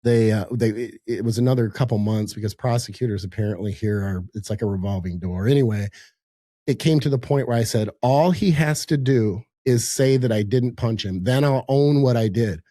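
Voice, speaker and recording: A man's voice: mid-range voice, normal speed, dark tone, no room sound. An older man talks through a video call from his office, telling a story in easy, profane podcast chat. He acts out the other people's lines and laughs through the tense parts. His voice sits mid-range and sounds dry and close. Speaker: podcast guest. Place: home office in a high-rise.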